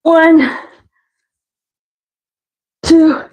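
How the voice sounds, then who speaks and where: A woman's voice: very high voice, steady tone, drawn-out words, dull audio. A woman leading a live workout as fitness instructor, counting reps and cueing stretches while out of breath. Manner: counting reps, breathy and winded between cues.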